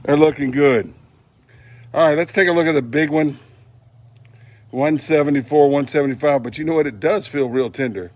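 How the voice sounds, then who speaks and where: A man's voice: a little high, normal speed, long pauses, a little mellow. A man demonstrating barbecue at an outdoor grill, with folksy joking asides. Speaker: barbecue channel host. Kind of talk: casual cooking demonstration.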